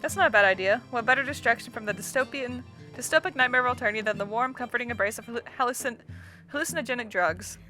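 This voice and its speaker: A woman's voice: fairly high pitch, quick pace, sharp tone, soft background music. A woman hosting a let's-play, reading a visual novel aloud with casual, chatty commentary and laughing at the script.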